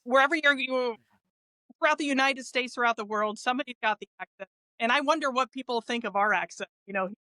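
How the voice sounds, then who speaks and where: A woman's voice: a little high, fast, bright, forceful tone, no room sound, rough recording. A woman guest on a podcast, chatting in an easygoing way. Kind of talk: casual chat.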